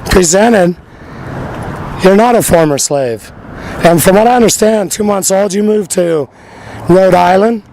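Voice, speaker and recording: A man's voice: high-pitched, measured pace, long pauses, low-quality recording. A man hosting a street radio show, talking in a rambling, repetitive, emphatic monologue outdoors by a busy road. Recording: outdoor recording with loud traffic noise.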